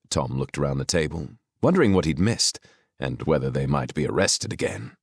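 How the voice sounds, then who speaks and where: A man narrating a fantasy audiobook with expressive storytelling on a close studio mic. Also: extremely low pitch, normal speed, breathy edge, no echo. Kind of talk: scripted narration.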